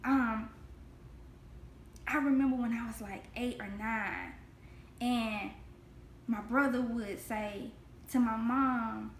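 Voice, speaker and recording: High-voiced earnest woman giving a devotional. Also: fairly even intonation, slow, pauses often, a little hiss or hum. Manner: earnest and heartfelt, repeats phrases for emphasis. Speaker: devotional host. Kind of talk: spoken Christian devotional to camera. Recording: echoey room.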